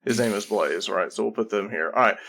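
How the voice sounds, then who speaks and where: A man's voice: lowish voice, brisk, creaky, fairly bright tone. A man narrating a tabletop game as game master, rambling with many restarts.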